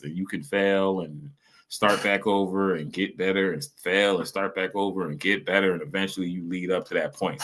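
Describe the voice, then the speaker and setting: Low voiced guy on a stream, rambly and slangy, bright edge to his voice. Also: a little hiss or hum. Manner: rambling, loose slang, many fillers. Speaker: streamer reacting to clips. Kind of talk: casual reaction commentary.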